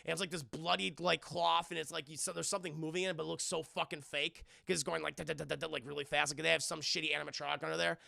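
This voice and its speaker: Gravelly young man rambling through a film recap. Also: fairly high pitch, flat delivery, fast talker, few pauses, bright, forceful tone, no room sound, studio quality. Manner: rambling, hesitant, swears often. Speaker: streamer reviewing a film with live chat. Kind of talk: casual profane movie recap.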